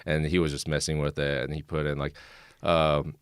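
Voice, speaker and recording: Very deep smooth-voiced man, dry sound. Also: normal speed, no room sound. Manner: relaxed, easygoing, laughs often. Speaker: guest, marketing agency founder. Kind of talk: casual interview chat. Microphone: close podcast mic.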